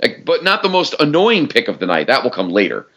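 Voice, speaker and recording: A man co-hosting a casual podcast chat, animated and playful, often mimicking reactions. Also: a little fast, husky. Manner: animated, shifts pitch a lot when mimicking reactions. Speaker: podcast co-host.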